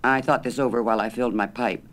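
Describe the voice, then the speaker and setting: A man's voice: medium pitch, fairly even intonation, fast, a bit bright. A man narrating a humorous short story aloud in a wry, dry manner.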